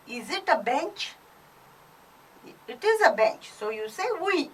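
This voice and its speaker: A woman with an Indian English accent teaches beginners French, taking her time over each word. Her voice sits high and moves up and down a lot as she drills. She sounds set back from the microphone. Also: very animated, far from the mic, rough recording. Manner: slow, deliberate teacher drilling pronunciation. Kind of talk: recorded online class.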